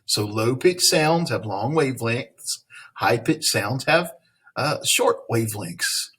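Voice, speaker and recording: Male teacher, husky tone, reads a lesson text aloud with playful asides to the class. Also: medium pitch, expressive, slow, fairly bright tone. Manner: friendly, playful asides to students.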